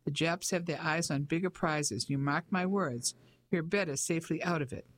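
A woman's voice: low voice, normal speed. Pompous old colonel, clipped and blustery, as a woman narrator puts him on.

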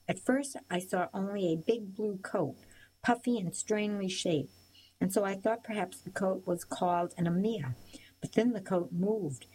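A woman narrating a storybook in the first person with a steady, measured reading. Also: on the low side, low-quality recording. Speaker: audiobook reader.

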